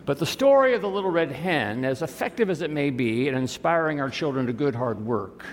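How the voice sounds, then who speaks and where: A male pastor preaching a sermon, reading scripture slowly and letting phrase endings fall. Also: a little high, animated, big-room sound. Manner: slow, deliberate reading, dropping at phrase ends. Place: church sanctuary.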